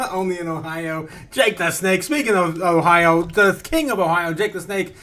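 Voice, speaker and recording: A male livestream host with a notably high voice talks casually and excitedly. He laughs often, reads chat messages aloud and jumps between topics. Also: normal speed, faint music behind.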